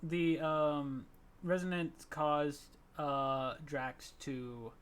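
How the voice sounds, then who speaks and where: A man playing in a tabletop game, explaining his character hesitantly with many pauses. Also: a little high, steady tone, clear, resonant tone. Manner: hesitant, full of ums. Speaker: player. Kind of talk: tabletop role-play chat.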